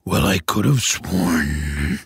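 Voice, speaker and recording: A huge, gruff ogre growls out his orders in a deep, slow rumble, as a man puts him on in a storybook reading. His voice is husky and sits close to the mic in a dry room, with plenty of swing in the pitch. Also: a bit bright, no room sound, heavily acted. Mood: grumbling. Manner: growling, demanding.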